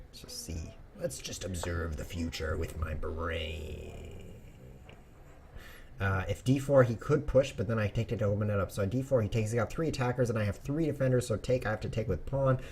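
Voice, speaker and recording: A man hosting a chess stream, chatting casually and joking through his moves, with sudden bursts and quiet mumbles. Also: medium pitch, slight background noise. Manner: playful, jokey, rambling asides. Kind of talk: casual live commentary while playing.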